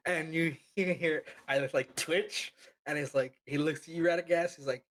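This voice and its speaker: A man's voice: on the high side, fairly even intonation, moderate pace, a bit bright, rough recording. A man running a tabletop game as game master, narrating casually with some fillers.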